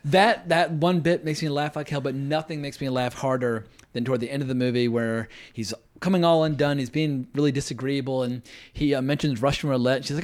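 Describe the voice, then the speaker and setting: A man hosting a podcast, chatting casually and enthusiastically about old films, laughing loudly and swearing now and then. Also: on the high side, moderate pace. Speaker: podcast host. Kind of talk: casual film discussion.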